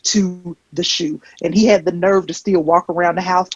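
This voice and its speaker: A woman comedian performing a stand-up set, telling stories with deadpan, wry asides into a handheld stage mic. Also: lowish voice, normal speed, slightly rough, dry recording, highs cut off. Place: comedy stage before a live audience.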